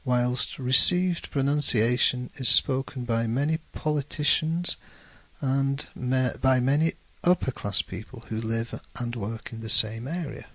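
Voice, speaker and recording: A man with a Northern English accent giving a measured lesson, careful and correcting himself now and then. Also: medium pitch, a bit bright, no echo. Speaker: English teacher. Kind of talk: scripted explanatory lecture.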